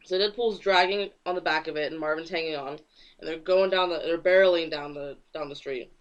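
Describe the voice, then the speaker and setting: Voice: mid-range voice, steady tone, a little fast, dull audio. A podcast co-host recapping comic book plots in casual chat, acting out the quotes and laughing.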